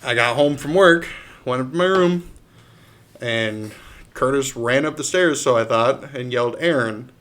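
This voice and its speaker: Young male podcast co-host, middle pitch, plain clipped casual telling. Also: unhurried, fairly bright tone. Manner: short plain sentences. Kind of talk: casual storytelling chat.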